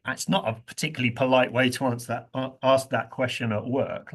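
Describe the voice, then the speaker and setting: A man's voice: medium pitch, fairly even intonation, fairly quick. A man leading a university workshop, playful, often laughing and acting out example phrases. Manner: playful, laughs often, acts out stressed words. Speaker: workshop presenter. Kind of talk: interactive workshop teaching.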